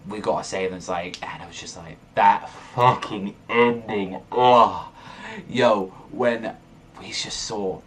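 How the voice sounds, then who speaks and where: A young man hosting a manga reaction video, talking in an excited, rambling way and swearing a lot. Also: fairly low pitch, takes it slowly. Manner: excitable, swears often, rambling run-on sentences. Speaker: manga reaction channel host. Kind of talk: excited casual reaction monologue.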